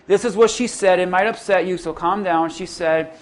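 Male pastor, middle-aged, high-pitched, storytelling preacher who rises to bursts of emphasis. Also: normal speed. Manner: storytelling, rising to emphatic peaks. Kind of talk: sermon.

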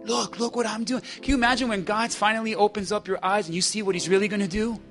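A man preaching a sermon, moving from hushed, slow passages to loud call-and-response with the congregation. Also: sits high, fairly even intonation, faint music behind. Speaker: pastor.

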